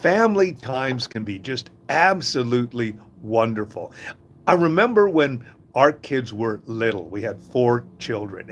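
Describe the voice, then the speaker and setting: An older man from Canada telling warm family anecdotes in a casual, chuckling monologue. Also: medium pitch. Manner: chuckling, folksy, lively storyteller. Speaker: host of a short inspirational talk.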